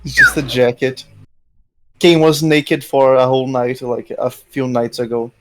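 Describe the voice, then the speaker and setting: A man's voice: medium pitch, fairly even intonation, measured pace, background noise. A man playing a tabletop game, asking questions and stumbling over his words. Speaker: player. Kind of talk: casual tabletop game chat.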